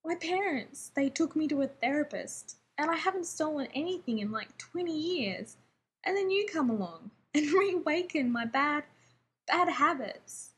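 A woman reading aloud, voicing an anxious, chattering adult man who talks in rapid, fretful bursts. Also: high-pitched, expressive, a little hiss or hum. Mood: giggly rambling.

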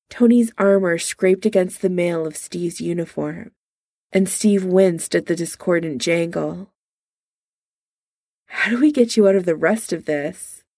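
Slow, gravelly-voiced woman reading a story. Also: lowish voice, no room sound, clean studio sound. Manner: slow, soft and intimate, voicing dialogue lightly. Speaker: reader. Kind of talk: audiobook-style story reading.

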